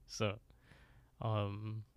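Slow-talking man recapping a show. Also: on the low side, little pitch movement, darkish tone, no echo, studio quality. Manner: laughing, swearing, acting out characters in quick bursts. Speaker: podcast co-host. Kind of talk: casual recap chat.

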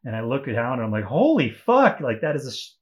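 A man's voice: mid-range voice, fast. A young man telling a wild story in a casual chat as a podcast guest, swearing freely and laughing often.

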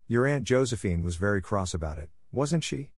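A man's voice: fairly low pitch, expressive, moderate pace, breathy edge, no room sound, clean studio sound. A man voicing an eager, dramatic young girl who talks in an earnest, impulsive, pleading way.

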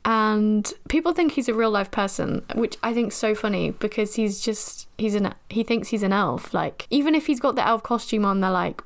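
A woman's voice: mid-range voice, expressive, normal speed, hardly any pauses. A young woman hosting a podcast and recapping a film in a chatty, rambling, self-deprecating way. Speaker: podcast host.

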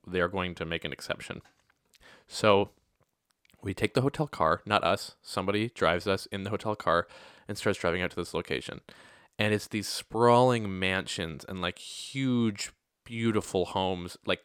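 A man's voice: sits low, fairly bright tone, clean tone, no echo, clean studio sound. A man casually telling a personal anecdote, rambling and correcting himself with side remarks.

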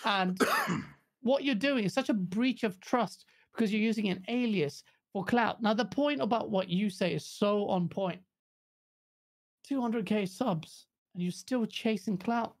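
A woman co-hosting a gaming podcast, talking bluntly in casual chat, swearing freely and jumping into high mocking quotes of other people. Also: unhurried, a little mellow. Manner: blunt, profane ranting. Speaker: podcast co-host.

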